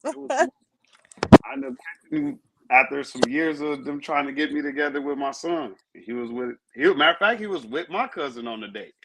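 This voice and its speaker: A man co-hosting a podcast, telling profane, animated stories and acting out what people said. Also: fairly high pitch, a little fast, noisy background. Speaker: podcast co-host. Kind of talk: casual chat, storytelling.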